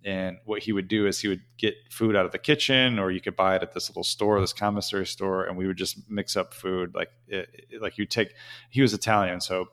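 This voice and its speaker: A man's voice: low voice, steady tone, fairly quick, a bit bright. A man telling a casual, rambling story as an interview guest, with many "you know" fillers.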